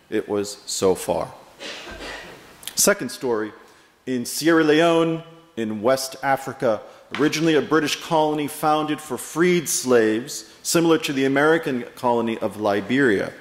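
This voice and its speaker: A male pastor preaching a sermon, telling stories in a measured way with pauses and stressed words. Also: mid-range voice. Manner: measured storytelling with pauses and emphasis. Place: church sanctuary. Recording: echoey hall with long reverb.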